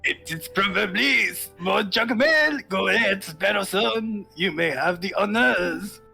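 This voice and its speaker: A man voicing a pompous male falcon lawyer in a deliberately bad put-on French accent, hammy and theatrical. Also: high-pitched, vocal fry, pushed and bright, faint music behind, pitched above the performer's own voice, exaggerated voice. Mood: grandiose.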